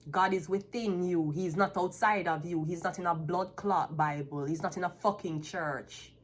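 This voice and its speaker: A woman's voice: fairly low pitch, normal speed. A woman, a tarot reader ranting bluntly and profanely to the camera. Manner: profane, blunt, emphatic, laughs often. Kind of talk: unscripted rant to camera.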